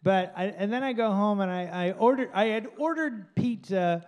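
A man on a comedy podcast telling an animated anecdote, acting out voices and sound effects as he goes. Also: high voice, normal speed. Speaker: podcast panelist. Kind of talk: comic anecdote.

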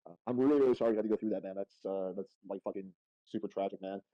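A man's voice: lowish voice, racing, no room sound. A man interviewing a guest, sympathetic and blunt, swearing freely, heard over a dull, muffled audio feed. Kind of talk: casual interview.

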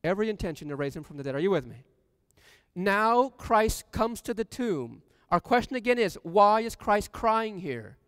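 High, smooth-voiced male preacher. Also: sing-song, normal speed, fairly bright tone, dry recording, in a large hall. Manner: reads scripture aloud, then asks the congregation questions. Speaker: pastor. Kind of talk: sermon. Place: church sanctuary.

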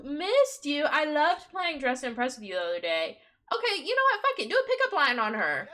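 A young woman streams her game live, commenting excitedly and gossipily, cursing freely and bursting into laughter. Her voice sits high and she talks a little fast.

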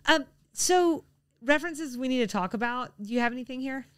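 A woman's voice: high voice, expressive, brisk, fairly bright tone, clear, resonant tone, no room sound, studio quality. A woman co-hosting a podcast in casual chat, chatty and a little apologetic, laughing often. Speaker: podcast co-host.

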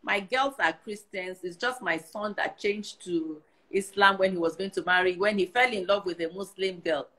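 A woman's voice: mid-range voice, normal speed, hardly any pauses, bright, forceful tone, rough recording. A Nigerian woman in her sixties giving earnest advice in casual conversation, often repeating herself for emphasis. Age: 60s. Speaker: guest.

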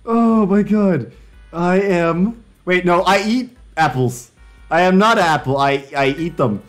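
A young man live-streaming, chatting casually and joking excitedly with himself while working through language drills. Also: a little slow, soft background music. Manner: jokey, excitable, laughing self-commentary with sudden pitch jumps.

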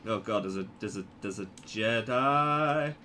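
A young man giving casual, jokey commentary over his gameplay, swinging from low mutters to sudden yelps. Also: a little slow, bright, forceful tone, slight background noise.

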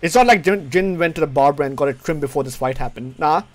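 A male streamer reacting to a game trailer at his PC, hyped and swearing, repeating words, his voice going hoarse. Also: quick pace. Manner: hyped, swearing, repeats words, pitch jumps when excited. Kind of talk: excited casual reaction chat. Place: home room at his PC.

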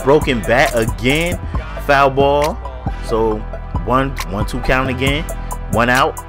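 A gaming YouTuber with a stuffy nose gives hyped, slangy gameplay commentary aimed straight at his viewers. His voice is medium-pitched and slow, heard over music.

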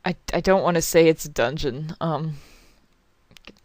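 A woman's voice: sits low, moderate pace, long pauses, no room sound. A young woman rambling and swearing through casual let's play commentary as a game channel host, apologizing often.

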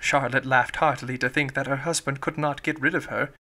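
In a measured, even manner, a man at medium pitch reads a classic novel for an audiobook.

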